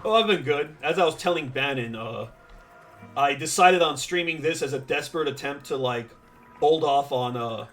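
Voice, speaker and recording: Here the game streamer speaks at normal speed, his voice a little high and fairly bright, with soft music playing behind him. He rambles through relaxed chat with viewers, full of fillers and dry sarcasm.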